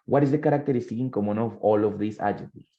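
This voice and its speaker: Male english teacher, mellow voice, dull lo-fi sound, flips between english and asking the class questions. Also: on the low side, fast. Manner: switches between English and Spanish, quizzes students. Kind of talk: bilingual classroom lesson.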